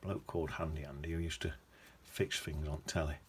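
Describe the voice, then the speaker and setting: A man's voice: a bass voice, level tone, brisk, a little hiss or hum. A man teaching watercolour painting in a chatty, rambling way, humming to himself as he paints. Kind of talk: casual painting demonstration.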